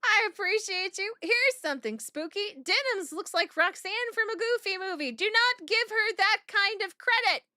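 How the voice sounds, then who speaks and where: A woman's voice: extremely high pitch, expressive, moderate pace, few pauses, pushed and bright, no room sound, clean studio sound. A woman streamer chatting through a game reaction in a blunt, profane, giggly way.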